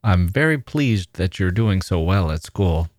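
A man voicing a gentle, attentive father who speaks in a coaxing way. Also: low-pitched, lively intonation, measured pace, dry recording, studio quality.

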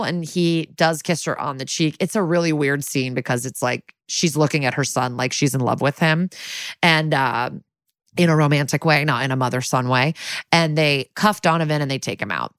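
A woman, co-hosting a podcast and retelling a TV episode scene by scene. She slips into quick character voices for the quoted lines. The sound is dry and close. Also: low-pitched, fairly bright tone, dry recording. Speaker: podcast co-host. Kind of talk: casual episode recap.

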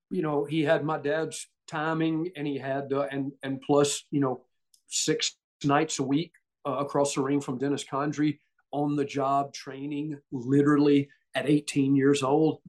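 A middle-aged former wrestler with a Southern US accent, appearing as a podcast guest, tells stories casually in a slightly high voice at a measured pace. He's animated, acting out the quotes and laughing often.

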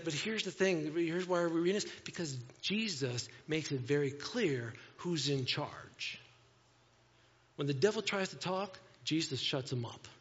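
A man preaching to his congregation in a loose, conversational way, mixing scripture reading with asides that poke fun at himself. His voice sits a bit high for a man. The sound is a little dull and carries a long church-hall reverb. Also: a bit bright. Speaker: pastor. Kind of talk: sermon. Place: church sanctuary.

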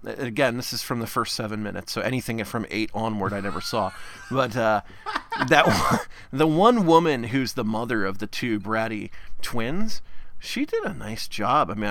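Man, podcast co-host, bright voice, rambling casual chat. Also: medium pitch, no room sound. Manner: rambling, self-interrupting, laughs often.

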